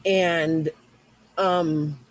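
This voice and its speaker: During a casual livestream rant, a female YouTube host answers her chat, rambling and swearing. Her low voice keeps a steady tone and is extremely slow, and the recording is rough.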